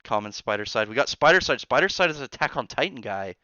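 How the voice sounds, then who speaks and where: A man hosting a casual live stream from his barracks room, rambling through chat with quick asides and restarts. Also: medium pitch, lively intonation, bright, forceful tone, no room sound. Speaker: streamer host reading chat. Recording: dull lo-fi sound.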